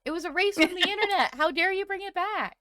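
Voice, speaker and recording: A woman's voice: extremely high pitch, quick pace, bright, forceful tone. A woman from Massachusetts co-hosting a podcast, chatting casually with jokes and frequent laughs. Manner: chatty, joking, laughs often. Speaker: podcast co-host. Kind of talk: casual chat.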